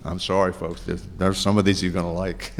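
Pastor guy giving a sermon, lowish voice, chatty asides, big hall echo. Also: little pitch movement, a little fast. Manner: conversational preaching with asides and rhetorical questions. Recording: long reverb of a large hall.

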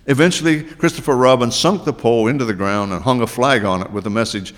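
A man's voice: mid-range voice, quick pace, few pauses. A man preaching a sermon as a pastor, chatty, with asides and rhetorical questions to his listeners. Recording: long reverb of a large hall.

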